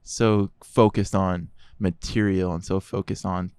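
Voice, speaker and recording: A man speaking as a podcast guest, telling his testimony in a casual, animated way and quoting others in dialogue. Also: deep voice, measured pace, clear, resonant tone, no room sound, studio quality.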